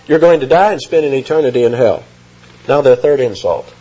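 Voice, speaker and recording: A man delivers an expository sermon with a husky, slightly raised voice. His pitch swings widely as he reads scripture and stresses key words. The recording sounds dull and lo-fi. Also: a little fast. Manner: lively, emphatic, reads scripture aloud. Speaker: preacher.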